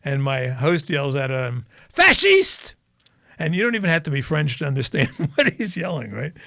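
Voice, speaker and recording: A man's voice: a little high, a little fast, creaky, fairly bright tone, dry recording, clean studio sound. A man co-hosting a podcast, chatting casually and telling rambling anecdotes while laughing at his own jokes. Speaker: podcast co-host. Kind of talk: casual chat.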